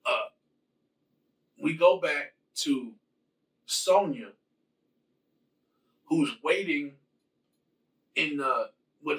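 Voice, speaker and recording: A man's voice: mid-range voice, a bit bright, far from the mic, poor audio. A man casually retelling his own rewrite of a movie in a rambling, slangy way with lots of fillers. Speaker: channel host.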